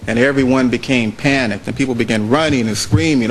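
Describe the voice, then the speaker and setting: Measured man arguing to a jury. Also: mid-range voice, slight background noise, low-quality recording. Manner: measured, repeats phrases for emphasis. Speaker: trial lawyer. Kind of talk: closing argument to a jury. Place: courtroom.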